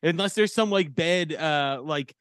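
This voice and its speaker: A man with a New England accent jokes and teases through casual podcast chat, swearing as he goes. His voice is high for a man, and the sound is dry and close-miked. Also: measured pace, fairly bright tone, clean tone, dry recording. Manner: joking, teasing, profane. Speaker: podcast co-host.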